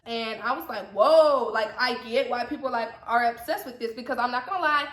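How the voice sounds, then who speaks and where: Speaking a little quickly in a bright, somewhat high voice, this young vlogger from Atlanta, Georgia, has a slight Southern accent. She talks casually to her camera, repeats herself, and throws in teasing asides, all in an echoey room with a faint hiss.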